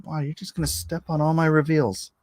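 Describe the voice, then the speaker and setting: A man's voice: a little high, flat delivery, fairly quick, darkish tone, dry recording. A middle-aged man hosting a casual livestream from his home studio, rambling and joking as he fiddles with his camera setup. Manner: rambling, self-interrupting, jokey. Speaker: livestream host.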